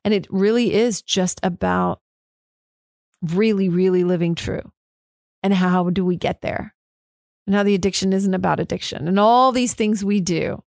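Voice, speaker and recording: A woman's voice: mid-range voice, moderate pace, creaky, darkish tone, no echo, clean studio sound. A woman hosting her own podcast, talking candidly and frankly on her own, fired up and swearing now and then. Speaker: podcast host. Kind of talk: candid solo talk.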